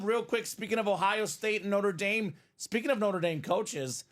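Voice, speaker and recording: High-voiced chatty male stream host. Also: moderate pace, a bit bright. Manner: chatty, reads viewer comments aloud. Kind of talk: casual live stream chat.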